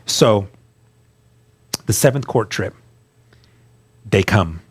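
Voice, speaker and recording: A man's voice: lowish voice, lively intonation, extremely slow, slightly rough. A middle-aged man earnestly telling his life story as a guest, stumbling over repeated words and acting out what others said. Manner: earnest, repeats words when emotional, acts out quoted voices. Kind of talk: conversational storytelling on a radio show.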